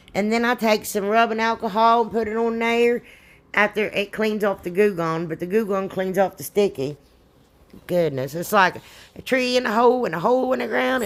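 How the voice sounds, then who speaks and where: A middle-aged woman talks through her crafts in a chatty voice-over. She rambles and drifts off topic with a folksy warmth of phrase, and keeps saying "y'all" to her viewers. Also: medium pitch. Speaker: DIY crafts channel host.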